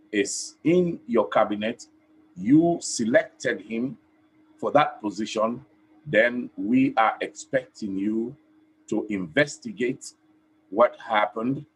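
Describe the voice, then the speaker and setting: A man from Sierra Leone with a Sierra Leonean accent, giving earnest, emphatic commentary on a live stream in short, paused phrases. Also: mid-range voice, breathy edge, rough recording. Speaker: online TV host and activist. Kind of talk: direct-address commentary.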